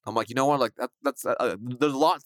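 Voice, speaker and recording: A man telling a sales story in a lively, fast conversational way, acting out the voices of the people in it. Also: medium pitch, no echo, clean studio sound. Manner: fast, animated, acts out quoted dialogue. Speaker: guest, sales coach.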